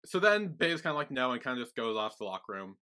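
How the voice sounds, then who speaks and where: A man's voice: medium pitch, sing-song, fast talker, sharp tone. A man co-hosting a podcast recap in casual chat, retelling scenes and quoting characters. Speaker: podcast co-host.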